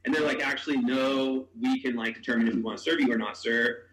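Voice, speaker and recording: A man's voice: medium pitch, fast, echoey room, poor audio. A man telling a long funny story in casual chat, acting out what people said and laughing as he talks. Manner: animated storyteller, acts out quotes, laughs while talking.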